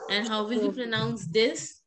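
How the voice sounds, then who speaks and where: A woman, teaching a French pronunciation class, patiently repeating words and gently correcting her students. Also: fairly high pitch, fairly even intonation, measured pace.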